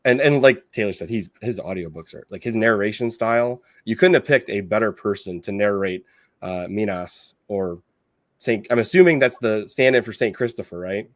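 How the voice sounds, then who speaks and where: A man hosting a podcast, talking in a relaxed, chatty way with his guest. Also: fairly low pitch, moderate pace, dry recording, clean studio sound. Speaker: podcast host. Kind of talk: casual podcast conversation.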